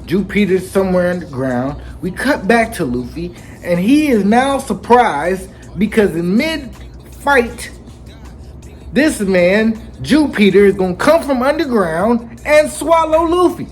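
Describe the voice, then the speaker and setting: A man hosting a casual anime chapter recap, telling it with lively slang and acting out the characters. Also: high-pitched, a little slow. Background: faint background music.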